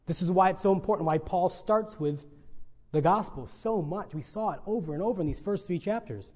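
Male pastor, higher-pitched voice, earnest pleading sermon delivery. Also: fairly quick, a little mellow. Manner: earnest, pleading emphasis with dynamic swings.

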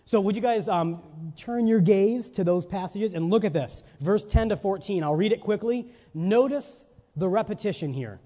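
A man's voice: sits high, expressive, normal speed, few pauses, mellow. A man preaching a sermon, full of rhetorical questions and checks like "right?", stressing single words for emphasis. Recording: reverberant hall, dull lo-fi sound.

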